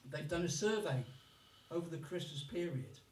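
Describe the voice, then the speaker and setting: In a live club captured from far off in an echoey room, with a little hiss or hum, a male Brummie comedian does his stand-up set. His voice is on the high side and expressive, at normal speed, and he curses freely and does accent voices.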